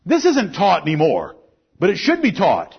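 A man preaching a sermon, emphatic, rising to loud peaks and then dropping low. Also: wildly swooping pitch, normal speed, creaky, slightly rough. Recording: muffled lo-fi recording.

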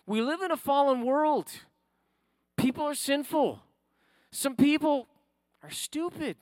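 A high-pitched male pastor telling a personal story from the pulpit and rising to fervent, emphatic preaching. The sound is dry and close. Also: slow, a little mellow, no echo.

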